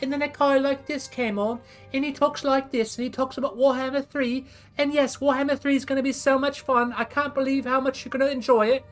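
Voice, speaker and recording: A man mocking a squeaky, patronizing ad announcer. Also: level tone, faint music behind. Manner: slow, sing-song, talking down. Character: condescending male game-ad announcer, squeaky.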